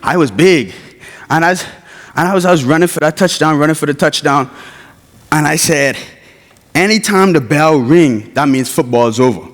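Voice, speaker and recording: A man's voice: fairly high pitch, animated, normal speed, long pauses. A young man from the Bahamas with a Bahamian accent, giving a personal testimony as a chapel speaker and acting out the voices in his story. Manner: storytelling, acts out quoted voices, informal grammar. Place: college chapel. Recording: long hall reverb.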